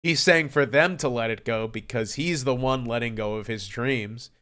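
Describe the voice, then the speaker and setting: A man streaming live, talking casually about an album he loves, excitable and swearing often, swinging between hushed and loud. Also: mid-range voice, normal speed. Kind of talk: casual livestream music commentary.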